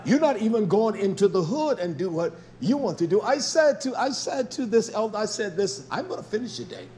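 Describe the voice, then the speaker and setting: Fiery high-voiced male preacher. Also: very animated, brisk. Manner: swings from low mutters to loud, rising exhortation; blunt, scolding, with mild cursing. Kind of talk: fiery sermon.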